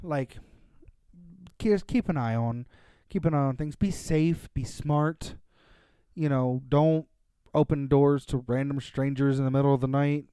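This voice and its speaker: Dry, mellow-voiced man chatting casually. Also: medium pitch, unhurried, clear, resonant tone, no room sound. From Pennsylvania, USA. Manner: rambling, many fillers and restarts. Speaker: podcast co-host. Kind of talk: casual chat.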